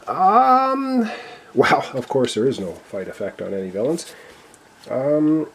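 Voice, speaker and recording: A man with a voice he says he is losing, commenting excitedly on his own solo board game play and counting cards aloud. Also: mid-range voice, takes it slowly, slight background noise. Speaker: board game player and channel host.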